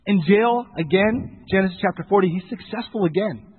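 A man preaching a sermon, retelling a Bible story with lively storytelling and acted-out lines for the characters. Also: high-pitched, brisk, breathy edge, in a large hall. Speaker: pastor. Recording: tinny phone-like sound.

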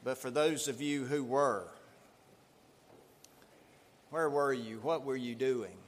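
A man preaching a Sunday sermon in a slow, deliberate, measured way. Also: mid-range voice. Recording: long hall reverb.

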